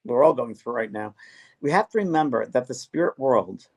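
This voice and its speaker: A man's voice: mid-range voice, animated, normal speed, a little mellow, breathy edge. A middle-aged man, a medium hosting a casual conversation about spirit messages, earnest, with frequent restarts and repetitions. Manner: earnest, repeats himself with many restarts. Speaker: medium and show host.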